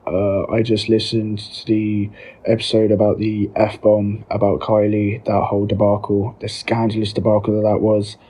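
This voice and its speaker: A man's voice: on the low side, completely flat delivery, normal speed, dark tone, slightly rough. A man sending a friendly, easygoing voice memo to a podcast. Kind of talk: recorded voice memo.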